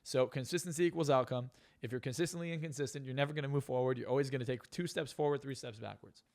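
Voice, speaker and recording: Fast-talking blunt, profane man. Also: mid-range voice, darkish tone. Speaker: podcast guest. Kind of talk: casual podcast talk.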